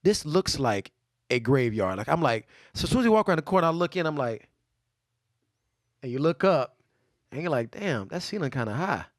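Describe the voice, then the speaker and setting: A man's voice: a little high, big pitch swings, brisk, pauses often, no room sound, studio quality. A man co-hosting a podcast, telling a story in loose slang and acting out other people's lines. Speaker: podcast co-host. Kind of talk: casual storytelling chat.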